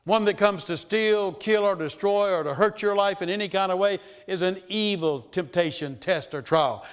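A man preaching a sermon, emphatic and repetitive, rising into loud insistent bursts. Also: sits high, moderate pace, smooth.

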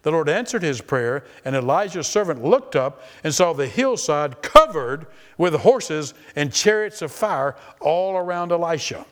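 A man's voice: a little high, a little slow, hardly any pauses. A man preaching a sermon, reading scripture and acting out the quoted voices with lots of repetition. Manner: animated, repeats phrases, acts out quoted voices.

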